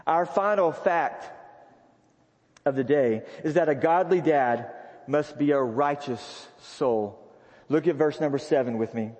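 A high-pitched man delivers a sermon at an unhurried pace, repeating his key lines for emphasis. His voice carries a long reverb from a large sanctuary with a balcony. It sounds like it was recorded live in the room. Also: darkish tone. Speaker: pastor.

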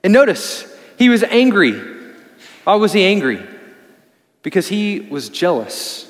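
A man preaching a sermon as pastor, pressing his points hard and then dropping low and soft for emphasis. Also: sing-song, a little slow, big-room sound. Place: church sanctuary.

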